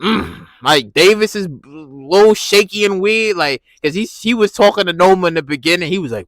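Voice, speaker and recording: A man giving a casual, animated recap of a TV episode, laughing and repeating himself as he reacts. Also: high-pitched, moderate pace, hardly any pauses, dry recording. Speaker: TV recap vlogger.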